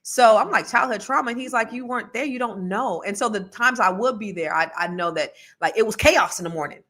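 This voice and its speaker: A woman in her forties talking earnestly and reflectively on a podcast, telling animated stories about raising her kids. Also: mid-range voice, brisk. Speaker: podcast co-host. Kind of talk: casual podcast conversation.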